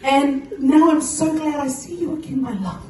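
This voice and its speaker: A woman's voice: high voice, moderate pace, background noise. A woman doing stand-up comedy on stage, brash and teasing, talking straight to the audience. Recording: echoey live room, from far off. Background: audience and music.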